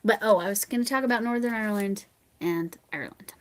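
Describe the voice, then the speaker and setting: An American woman hosts a live stream in a casual, chatty way, picking up viewer comments as she goes. Her talk wanders and often sinks into soft, half-mumbled asides. She speaks at an average pitch for a woman. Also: fast. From United States. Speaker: livestream host.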